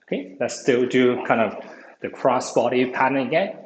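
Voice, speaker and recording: Over a video call from an echoey room with faint background noise, a man with a medium-pitched voice leads an online exercise class at a moderate pace. He's slightly out of breath, keeps encouraging everyone, and says "okay" constantly.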